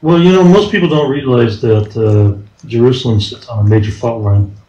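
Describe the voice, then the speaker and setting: A man calmly adding facts in a casual live chat, heard off-mic. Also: mid-range voice, normal speed. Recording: dull, roomy off-mic sound.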